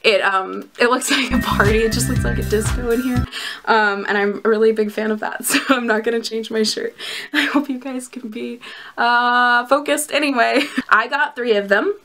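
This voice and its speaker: A bubbly young woman talks casually to her camera, giggling often as she chats. Her voice sits a little high and has a bright, forceful edge. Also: fairly even intonation, normal speed, faint music behind. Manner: giggly and bubbly, with frequent laughs and fillers. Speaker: vlogger reviewing plush collectibles.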